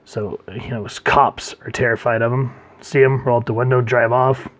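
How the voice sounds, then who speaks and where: A man's voice: mid-range voice, flat delivery, moderate pace. A man giving a casual comic book review, rambling with fillers and restarts.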